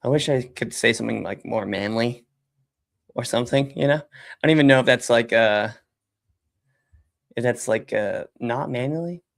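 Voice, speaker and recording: A man's voice: medium pitch, moderate pace, vocal fry, long pauses. A man hosting a casual livestream, chatting while he works at his computer, rambling with lots of fillers and casual swearing. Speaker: software company founder and livestream host. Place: at a computer desk, typing during a livestream.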